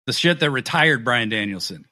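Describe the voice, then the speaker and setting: A man co-hosting a wrestling review podcast, talking excitedly and swearing freely as he recaps matches and acts out the wrestlers' lines. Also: mid-range voice, normal speed. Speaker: podcast co-host. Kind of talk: casual wrestling review chat.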